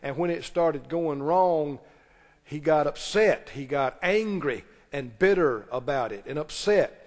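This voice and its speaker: A man preaching. His voice sits high for a man. The long reverb of a large church hall carries every phrase as he calls for answers from the pews. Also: lively intonation, darkish tone. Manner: preaching with call-and-response, quick asides and laughs. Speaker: pastor. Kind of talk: sermon. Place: church sanctuary.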